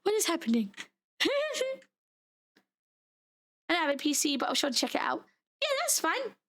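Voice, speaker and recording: A young British woman chatting casually on a livestream, bubbly and giggly, her voice hoarse and giving out. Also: high voice, animated, normal speed, fairly bright tone. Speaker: VTuber streamer.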